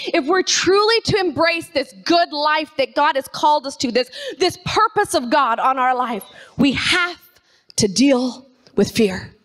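A woman preaching an energetic sermon, calling on the congregation to repeat phrases after her. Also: high-pitched. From Canada. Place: church sanctuary.

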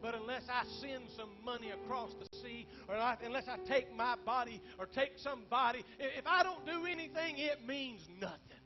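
A middle-aged man, a senior pastor, preaching a sermon in a church with fervent swings between loud bursts and quiet asides. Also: extremely high pitch, fairly quick, few pauses, soft background music. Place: church sanctuary. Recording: dull lo-fi sermon recording.

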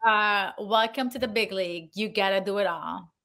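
A woman who works as a Foley artist, guesting on a podcast and telling a story in a lively, laughing way, acting out the voices of the people she quotes. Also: mid-range voice, normal speed, vocal fry, very noisy. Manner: animated, acts out quoted dialogue, laughs often. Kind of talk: casual storytelling.

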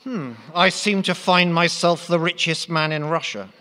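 A man's voice: a little high, steady tone, moderate pace, pushed and bright, pitched above the performer's own voice. A man voicing a feckless, self-important young Russian nobleman who speaks grandly. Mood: grandiose.

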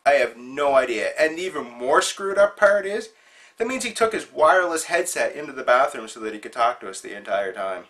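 A man's voice: mid-range voice, very animated, fairly quick, fairly bright tone. A man hosting his own show, telling a funny story in a chatty, amused way. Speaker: show host. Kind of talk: casual storytelling monologue.

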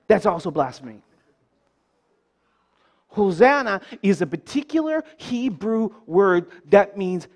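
A man's voice: high voice, big pitch swings, measured pace. A man preaching a sermon in church, leading the congregation in call-and-response and breaking in with joking asides.

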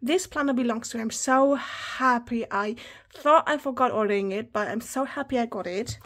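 Excited woman unboxing planner stuff, high breathy voice, keeps whispering oh my gosh. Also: moderate pace. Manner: gushing, often drops to a whisper. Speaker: planner vlogger. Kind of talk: casual haul unboxing.

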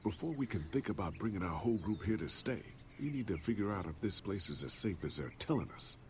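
A gravelly, steady survivor. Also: male voice, fairly low pitch, slight background noise. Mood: calm. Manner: measured, thoughtful. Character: calm, steady male survivor. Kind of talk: video game voice acting.

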